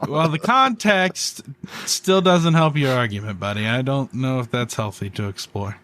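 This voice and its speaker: Deadpan man with crude jokes. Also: medium pitch, moderate pace. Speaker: podcast co-host. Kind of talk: casual podcast chat.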